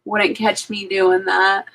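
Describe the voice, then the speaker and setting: A woman chats casually with her live viewers while she cooks, talking easily at a mid pitch. She rambles through stories, full of "like" and "um", and laughs often. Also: level tone, slow pace, fairly bright tone, low-quality recording. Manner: chatty storyteller, laughs often, filler-heavy. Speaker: live-stream host. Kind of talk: casual live-stream chat while cooking. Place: home kitchen.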